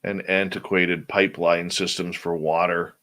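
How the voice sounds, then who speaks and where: A man's voice: sits low, level tone, unhurried, bright, forceful tone. A male radio show host in casual chat, drowsily reading out and answering listener questions.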